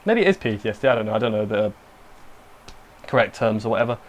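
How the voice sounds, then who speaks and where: A young man with a lowish, expressive voice talks fast as he casually recaps and reviews an anime episode. He rambles, makes self-deprecating asides, and uses lots of fillers.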